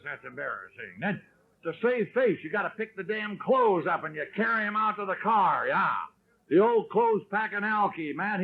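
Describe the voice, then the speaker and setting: A middle-aged man telling his story at a recovery meeting, wry and self-mocking, often clearing his throat. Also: sits high. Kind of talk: storytelling talk. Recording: tinny lo-fi 1970s tape.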